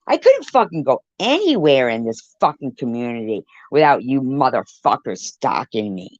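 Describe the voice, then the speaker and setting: Woman, low voice, swinging pitch, heated profane rant, dull lo-fi stream audio, dry sound. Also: sing-song, moderate pace, dry recording. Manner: heated, profane, talking back to chat. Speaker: livestreamer. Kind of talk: angry livestream rant.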